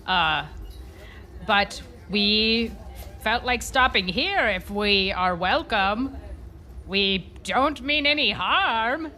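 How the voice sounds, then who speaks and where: A woman's voice: medium pitch, expressive, very slow, bright, forceful tone, soft background music. A woman playing a character in a tabletop game, speaking in a friendly, hesitant way. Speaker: player.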